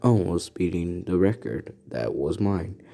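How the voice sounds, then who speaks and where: A man's voice: sits low, very animated, a little slow, creaky, warm tone, full character voice. A man doing a boastful superhero mentor.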